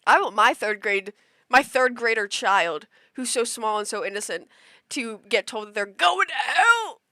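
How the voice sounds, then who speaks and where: Young woman streamer, bright and high-ish voice, animated rambling storyteller, dry close sound. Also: measured pace, no room sound. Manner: animated and rambling, with frequent restarts, laughs and acted-out quotes. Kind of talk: casual storytelling to a live chat.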